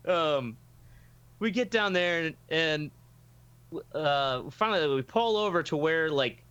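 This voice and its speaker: A podcast regular tells a long story in easy, rambling chat. His voice rides high and bright, and he swears freely and drops into the voices of the people he quotes. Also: expressive, takes it slowly, pauses often, smooth, no echo, muffled recording.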